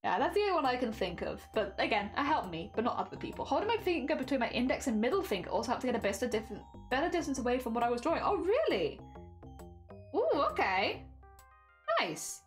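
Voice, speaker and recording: A woman's voice: sits high, big pitch swings, fast, soft background music. A young British woman streaming while she crafts, chatting casually and self-deprecatingly with her viewers, often sighing "oh dear".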